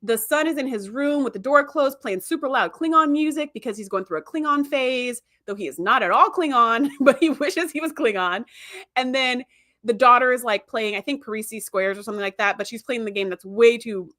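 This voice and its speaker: Woman host rambling through an episode recap, lots of "like", kinda high voice, casual and chatty. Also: brisk, fairly bright tone. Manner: chatty, filler-heavy storytelling with many "like"s. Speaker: podcast host.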